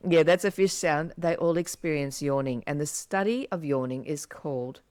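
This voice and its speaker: Clear-voiced woman podcast co-host. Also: deep voice, normal speed, no echo, clean studio sound. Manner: animated, acts out yawns. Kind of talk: casual chat.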